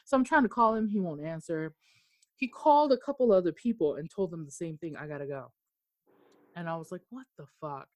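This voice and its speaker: Speaking fast in a lowish voice with no room sound, this young Okinawan woman recounts a story on a video call while a storm passes over her Texas home. She swears without restraint, stays animated, and acts out her own lines.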